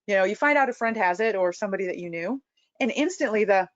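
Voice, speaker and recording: A woman's voice: mid-range voice, expressive, quick pace, dry recording, lo-fi sound. A woman clinician giving a conversational training lecture, full of fillers and restarts. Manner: conversational, many "you know" fillers and restarts. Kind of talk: recorded training webinar lecture.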